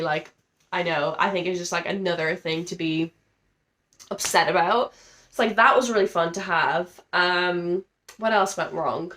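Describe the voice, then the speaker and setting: A woman's voice: lowish voice, a bit bright. A young woman in her twenties, sounding ill and under the weather, talking casually and emotionally to camera in a rambling vlog with many fillers. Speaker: vlogger. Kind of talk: casual confessional chat to camera.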